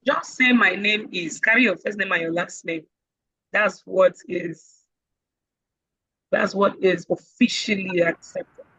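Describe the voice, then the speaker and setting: A Nigerian woman teaching a casual online speaking class, lively and joking as she acts out voices. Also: medium pitch, measured pace, slightly rough, dry recording, rough recording. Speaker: IELTS speaking instructor.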